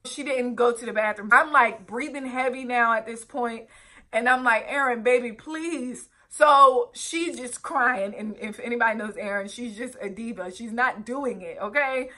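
Bright-voiced young woman telling her story. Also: a little high, moderate pace. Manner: earnest, vivid retelling with direct asides to viewers. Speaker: vlogger. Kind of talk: storytime vlog, recounting a personal ordeal.

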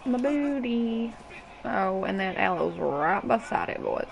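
A woman's voice: medium pitch, expressive, slow, creaky, a little hiss or hum, low-quality recording. Chatty cussing Kentucky woman streamer. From Kentucky, USA. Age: 20s. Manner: profane, chatty, greets viewers by name. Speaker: game streamer. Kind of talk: casual gaming stream chat.

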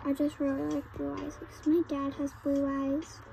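A woman's voice: sits high, monotone, normal speed, vocal fry, dark tone, a little hiss or hum, rough recording. A woman chatting casually while role-playing a game, full of "like" and "oh my goodness" fillers. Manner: chatty, heavy use of "like" and "oh my goodness". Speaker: gamer narrating role-play. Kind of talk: casual gameplay role-play chat.

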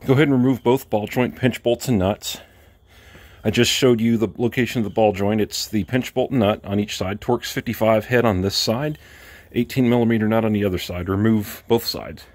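A man's voice: on the low side, steady tone, moderate pace, darkish tone, no room sound. A man giving casual, matter-of-fact step-by-step instructions for a home car repair, with plain talk and wry asides. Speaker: DIY car repair vlogger. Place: home driveway, working under a car.

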